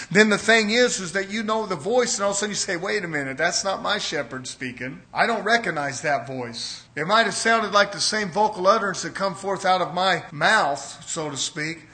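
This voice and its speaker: A man's voice: sits high, pushed and bright. A man preaching a sermon to his congregation, with emphatic, repetitive cadences that rise and fall in intensity.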